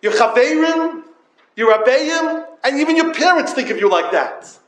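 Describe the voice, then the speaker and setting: Man giving a yeshiva talk, high-pitched, with yeshivish English full of Yiddish words and a storytelling way of addressing listeners; recorded in a roomy space. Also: expressive, normal speed, fairly bright tone. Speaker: yeshiva lecturer. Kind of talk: Torah talk to yeshiva students. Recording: echoey room.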